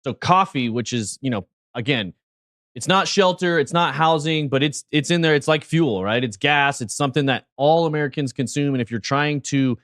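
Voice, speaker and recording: A man's voice: a little high, normal speed, a bit bright, dry recording, clean studio sound. A man co-hosting a casual crypto livestream, talking through prices and quizzing the chat. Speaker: crypto show co-host.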